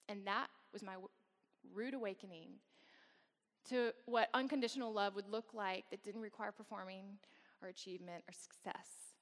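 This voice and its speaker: A woman's voice: mid-range voice, fairly even intonation, normal speed. A woman guest speaker at a campus worship service, telling a personal story candidly with wry, self-deprecating humor. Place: large worship hall. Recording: long reverb of a large hall.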